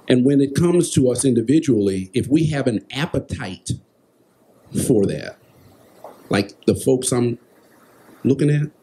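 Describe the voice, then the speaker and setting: A man speaking on a festival panel. He delivers measured, inspirational remarks and repeats phrases for emphasis. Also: mid-range voice, mellow.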